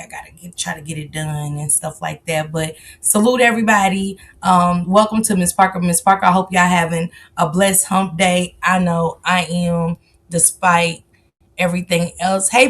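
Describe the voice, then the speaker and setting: Woman doing a casual livestream, AAVE, keeps shouting out viewers by name, stretches her hellos. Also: lowish voice. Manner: greets chat viewers by name, drawn-out excited calls. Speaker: livestream host.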